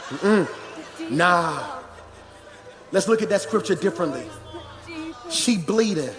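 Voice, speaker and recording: A pastor with a high voice delivers an animated but slow sermon, his words ringing through a large church hall over music. The tone shifts from conversational to shouting as he goes.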